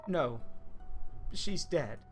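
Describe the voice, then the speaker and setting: A man streaming a cozy visual novel, reading the characters' lines aloud in a subdued, quiet way. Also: a little high, animated, extremely slow, soft background music. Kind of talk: reading game dialogue aloud.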